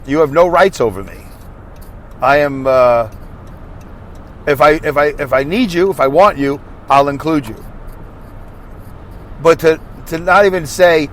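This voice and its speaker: A man's voice: fairly high pitch, normal speed, pauses often, a bit bright. A man hosting his podcast alone, rambling through a monologue full of fillers and restarts while he drives. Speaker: podcast host. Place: car driving on a highway. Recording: faint road noise in a moving car.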